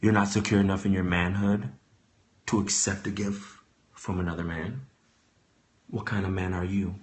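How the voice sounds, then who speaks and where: A man voicing a grown man who speaks in a very low, hushed and cutting tone. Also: steady tone, normal speed, close to an everyday voice. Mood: cold scolding. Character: deep-voiced grown man, calm and cutting.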